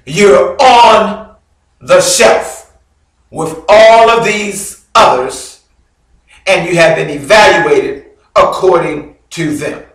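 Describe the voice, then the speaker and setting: A man preaching a sermon as a bishop, telling a story dramatically with loud bursts and sudden low drops. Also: slow pace. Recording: very echoey hall, mic far off.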